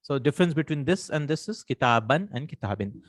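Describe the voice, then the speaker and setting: A man's voice: mid-range voice, expressive, brisk, dry recording. A man teaching an Arabic grammar lesson in English, explaining step by step, working Arabic terms into his speech and checking in with the listener.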